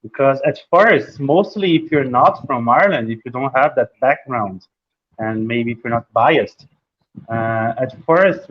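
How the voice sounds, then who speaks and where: Halting man on a muffled call. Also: medium pitch. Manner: halting, with frequent restarts. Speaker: panel guest. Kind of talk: casual discussion.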